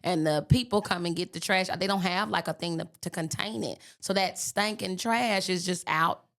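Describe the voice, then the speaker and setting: A woman from Birmingham, Alabama, with a mild Southern accent, telling stories as a podcast guest in a lively, animated way. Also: fairly low pitch, vocal fry. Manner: animated storyteller, lively and quick to laugh. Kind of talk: casual interview chat.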